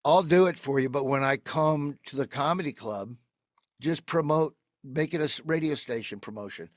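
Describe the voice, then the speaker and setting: Animated man telling a story. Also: mid-range voice, moderate pace, no echo, studio quality. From United States. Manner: animated storyteller who acts out quoted people. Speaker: comedian guest. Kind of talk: casual storytelling interview.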